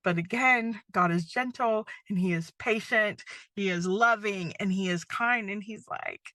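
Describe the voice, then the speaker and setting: A woman's voice: medium pitch, unhurried, few pauses, bright, forceful tone, dry recording. A middle-aged woman hosting a faith-based podcast, talking casually with lots of fillers and asides. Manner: chatty, many fillers like "um" and "like". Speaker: podcast host.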